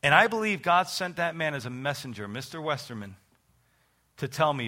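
A man's voice: a little high, expressive, normal speed, bright, forceful tone. A middle-aged man preaching a sermon and telling his own testimony, earnest and conversational, with emphatic rises. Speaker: pastor.

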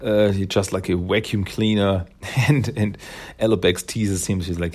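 Man, lowish voice, easygoing comic recap, rambling with fillers. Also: fairly even intonation, unhurried, darkish tone, breathy edge. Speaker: comic book reviewer.

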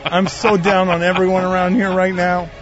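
Sarcastic high-voiced radio host. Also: male voice, level tone, moderate pace, dull audio, music in the background. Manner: sarcastic, exasperated. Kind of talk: casual sports radio banter.

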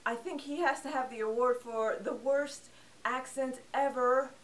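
A woman's voice: sits high, measured pace, far from the mic, low-quality recording. A woman hosting a casual film review show, talking in a playful, sarcastic, joking manner. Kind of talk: casual scripted movie review.

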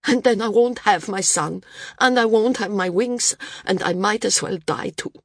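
A woman voicing an awkward, self-conscious middle-aged man who speaks low and haltingly. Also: husky, no echo, clean studio sound.

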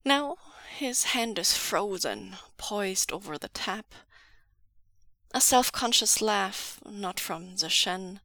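Slow, bright-voiced woman reading a story. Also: mid-range voice, sing-song, no echo, studio quality. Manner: measured, storytelling delivery. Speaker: podfic reader. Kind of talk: audiobook fan fiction reading.

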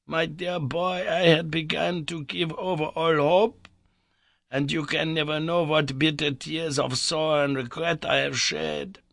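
A man voicing an older scholarly uncle who speaks slowly and reassuringly, with a raised pitch. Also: steady tone, creaky, a bit bright, no echo. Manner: slow, deliberate and reassuring. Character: older male scholar uncle, steady and encouraging.

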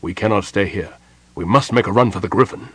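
Stern proud mage, clipped and commanding, low husky voice, as a narrator puts him on. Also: male voice, brisk, a bit bright, dry recording. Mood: crisp. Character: bitter, proud older male mage, stern and curt.

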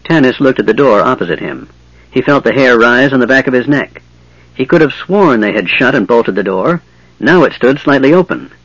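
Brief: male audiobook narrator, even mid-range voice, measured storytelling, dry, muffled sound. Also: mid-range voice, dry recording.

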